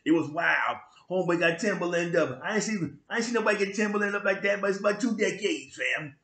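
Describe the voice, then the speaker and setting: A man with a New York accent tells a story on his own vlog in casual street slang. His voice sits high and sounds bright and forceful, dotted with loud bursts and sound effects. The room around him is echoey. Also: fast. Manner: animated street slang with frequent "you know what I'm saying". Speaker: vlog host.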